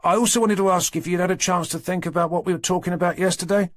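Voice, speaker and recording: Man doing young constable, high, eager, apologetic. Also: steady tone, fast talker, no echo, studio quality, natural voice. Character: eager awkward young male detective constable. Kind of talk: audiobook character reading.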